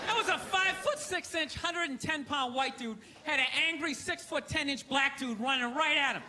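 A man doing a stand-up set in a theater, ranting loudly with sarcastic delivery. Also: very high-pitched, normal speed, few pauses. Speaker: stand-up comedian. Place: theater stage. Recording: live show with crowd laughter and noise. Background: audience laughter.

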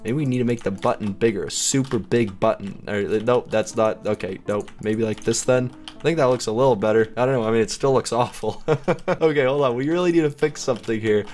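A man's voice: mid-range voice, fairly quick, a little mellow, soft background music. A man giving casual gameplay commentary as a video host, chatty and self-mocking, laughing often as he goes. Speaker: gaming YouTuber.

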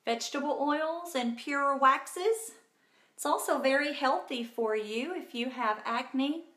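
A woman's voice: high voice, slow, a bit bright, reverberant. A woman hosting a casual live makeup tutorial from home, chatty and bubbly, talking to viewers by name. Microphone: phone.

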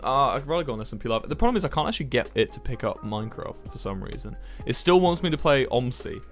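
A man's voice: medium pitch, sing-song, fast. Chill guy streaming from home, swears a lot, trails off and restarts, bit of music faint behind. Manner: laid-back, swears freely, rambling with restarts. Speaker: livestreamer. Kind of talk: casual chat with viewers while gaming.

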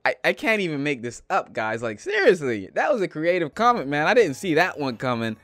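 A YouTuber man reading out comments, answering them with sarcastic, deadpan jokes. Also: a little high, a little fast, no echo, clean studio sound.

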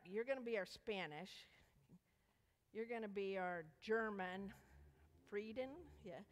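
Playful woman leading a children's sermon. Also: medium pitch. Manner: playful, coaxing questions to children. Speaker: children's message leader. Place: church sanctuary. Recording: echoey church hall.

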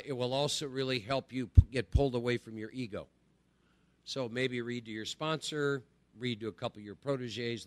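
This middle-aged man's mid-range, fairly bright voice carries a casual spiritual recovery talk to a group, with no echo. He repeats himself and regularly checks in by asking "right?"

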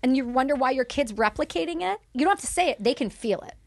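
A woman's voice: sits high, lively intonation, fast, gravelly, no room sound. A woman in her thirties from Canada, a podcast guest telling her story in candid, emphatic conversation. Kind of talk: casual conversation.

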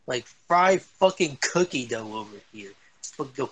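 A young man swearing and yelling his way through a shooter game as a gaming streamer. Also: a little high, expressive, normal speed, few pauses, breathy edge. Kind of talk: angry gameplay commentary.

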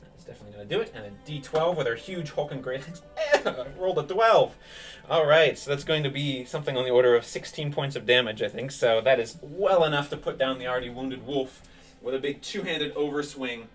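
A man narrating as game master of a tabletop game, relaxed and full of fillers. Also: mid-range voice, fairly quick, recorded from a distance.

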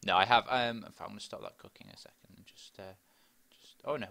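A man's voice: lowish voice, fast, vocal fry, pushed and bright. Chatty rambling man narrating gameplay. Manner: chatty, rambling, talks to himself while playing. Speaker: gaming video host. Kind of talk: casual Minecraft let's play commentary.

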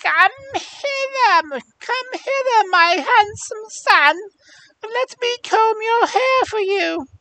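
A man voicing a scheming old woman from a folk tale, with a high, coaxing, shrill croon. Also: expressive, takes it slowly, sharp tone, dry recording, heavily acted, low-quality recording. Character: cackling old woman spinning in a rock cleft, wheedling.

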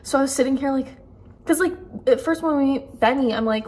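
A woman's voice: sits high, fairly quick, a little mellow, breathy edge. Gushing young woman in a chatty book vlog. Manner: gushing, emotional, chatty with many fillers. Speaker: book vlogger. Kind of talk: casual reading vlog.

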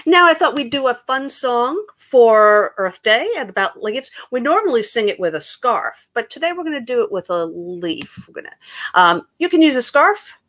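A woman's voice: a little high, big pitch swings, moderate pace, a bit bright. A woman, a children's librarian from Queens leading an upbeat, sing-song story time with songs. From Queens, New York.

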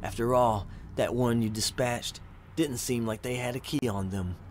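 A man's voice: mid-range voice, normal speed, slight background noise, lightly acted. A man voicing a gleeful, giggling old male necromancer locked in a prison cell, talking in a sly, gloating way.

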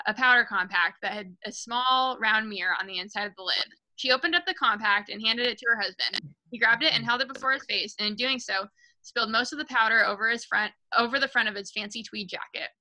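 A woman reading a children's novel aloud for a book club on a video call, lively and correcting herself as she goes. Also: a little high, low-quality recording.

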